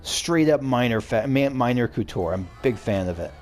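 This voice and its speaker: A man's voice: medium pitch, expressive, moderate pace. A man casually commenting on a game he is playing, chatty and enthusiastic, with faint game music behind. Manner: chatty, enthusiastic, self-interrupting. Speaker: let's play host.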